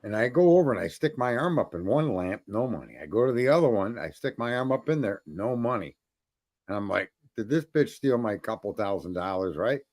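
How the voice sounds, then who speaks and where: A man hosts a casual talk show in a fairly low, darkish voice, speaking briskly with lively intonation. He tells crude, rambling anecdotes full of swearing and laughter, recorded in clean studio sound with no room echo.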